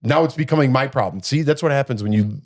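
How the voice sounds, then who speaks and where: A middle-aged man rambles through a story on a casual podcast, his voice at an ordinary middle pitch. He leaps higher and louder whenever he acts out what someone said, then drops back to an easy conversational tone. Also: fast. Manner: animated, acts out quotes in a raised voice. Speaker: podcast co-host.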